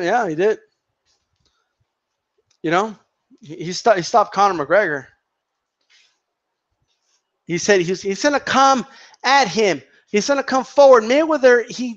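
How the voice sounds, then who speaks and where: A man's voice: high voice, muffled recording. A man giving an opinionated, profane rant as a boxing commentator, repeating and tripping over his words.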